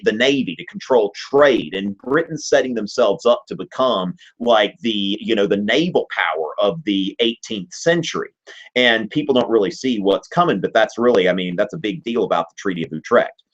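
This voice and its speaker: A man hosting a live history Q&A, explaining in an animated, joking, digressive way. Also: lowish voice. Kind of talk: casual live-stream lesson. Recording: dull lo-fi stream audio.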